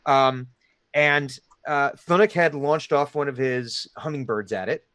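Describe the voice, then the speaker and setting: A man with a Delaware Valley accent narrates a tabletop adventure as dungeon master, circling back and restarting his sentences as he goes. His pitch sits at an ordinary middle height. The recording is dry and close. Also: a little slow, a bit bright, smooth, dry recording. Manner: rambling, laughing often, many restarts.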